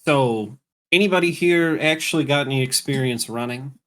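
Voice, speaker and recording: A man's voice: medium pitch, moderate pace, a bit bright. A man playing a tabletop role-playing game, speaking in character with dry, exasperated sarcasm. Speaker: player.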